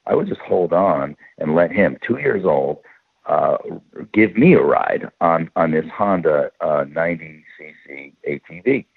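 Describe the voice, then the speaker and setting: A middle-aged man telling a story in a rambling, halting way with many restarts. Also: low voice, animated, creaky, slightly rough. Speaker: guest. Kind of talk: casual storytelling. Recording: phone-like line.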